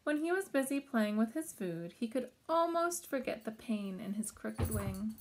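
A woman reads a children's picture book aloud at home in a gentle storytelling voice. She pauses now and then to point out the pictures and ask young listeners what they think will happen. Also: a little high, lively intonation, slight background noise. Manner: gentle, stops to chat about the pictures.

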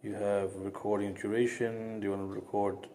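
A man's voice: lowish voice, flat delivery, normal speed, mellow, slight background noise. A man reviewing a product, walking through its features step by step in a casual, chatty way.

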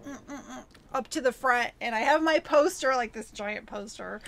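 Woman chatting over wine, slightly high voice, rambly storyteller, says like a lot. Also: moderate pace, creaky, a bit bright. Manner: chatty storyteller, giggly, uses "like" often. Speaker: podcast co-host. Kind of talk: casual chat over wine.

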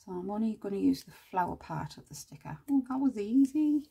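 A woman hosting a casual crafting tutorial, chatting and thinking aloud as she works, with quiet muttered asides to herself. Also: medium pitch, expressive, a little fast, creaky, husky. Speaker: craft channel host.

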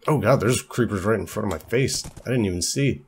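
A young man with a fairly low voice talks through a video game at his computer, chatty and joking, coaxing his horse along and startling easily. He is feeling a little unwell. Faint keyboard clicks can be heard behind him. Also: lively intonation, fairly quick, a little mellow, slight background noise. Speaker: let's play host. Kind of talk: casual gaming commentary.

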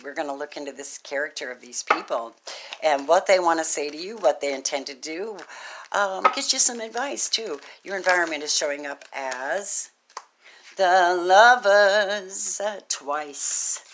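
A woman giving a casual tarot reading to camera, gushing and excitable, swinging from loud exclamations to hushed murmurs. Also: low-pitched, slight background noise. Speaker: tarot reader.

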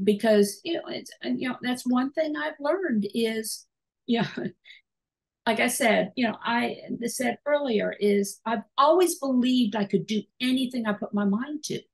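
A woman podcast host with a husky, gravelly voice talks in a rambling, reflective way, full of fillers. Her pitch sits in the middle range. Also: darkish tone, poor audio. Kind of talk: conversational interview. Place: podcast studio.

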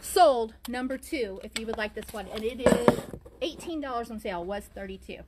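A woman with a high, bright-sitting voice hosts a live shopping stream from her vintage store. She chats her way through each item, calling out numbers and prices. Her voice is fraying as she loses it. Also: normal speed, heavy background noise. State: losing her voice. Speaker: shop owner selling on a live stream. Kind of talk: live shopping sales pitch.

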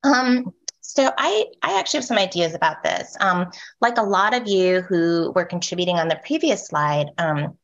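A woman moderating a panel discussion, speaking softly with a lilt that rises at the end of her sentences and checking in often with "right?". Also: fairly low pitch, animated, moderate pace, vocal fry, highs cut off. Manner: soft voice with rising lilt at sentence ends; frequent "um" and "right?" check-ins.

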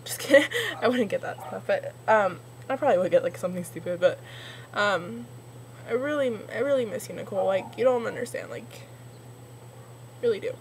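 A woman's voice: medium pitch, animated, brisk, a little hiss or hum. Rambling emotional young woman on webcam. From Northern California. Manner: rambling, emotional, filler-heavy. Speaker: vlogger. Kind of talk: casual webcam vlog. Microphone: computer webcam.

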